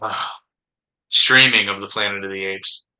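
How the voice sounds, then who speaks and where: Very bright-voiced joking podcast co-host. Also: male voice, fairly low pitch, fairly even intonation, measured pace, low-quality recording. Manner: playful, jokes in learner Spanish. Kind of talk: casual chat.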